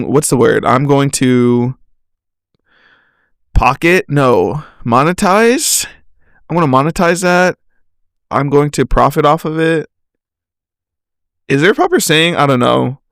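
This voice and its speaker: Young guy w a creaky voice rambling on his podcast, tons of "like"s, slangy, dry close sound. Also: a little high, dry recording. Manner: rambling, slangy, full of "like" fillers, quick to laugh at himself. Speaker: podcast host. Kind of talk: rambling solo podcast chat.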